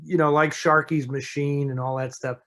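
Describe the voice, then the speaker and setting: Man, film expert, casual chat, relaxed conversational manner, a bit high-pitched. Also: normal speed. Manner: relaxed and conversational, with frequent restarts and "you know". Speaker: film expert answering listener questions.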